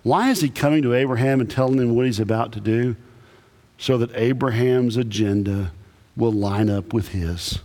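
A man who is a Baptist pastor, preaching a sermon with emphatic, animated delivery and lots of repetition. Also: medium pitch, moderate pace. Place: church sanctuary. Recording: echoey church hall.

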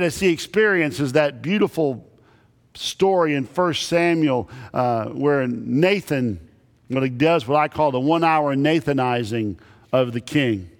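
A male pastor preaching a sermon with emphatic delivery and dramatic pauses, dropping low on his key lines. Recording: long reverb in large hall.

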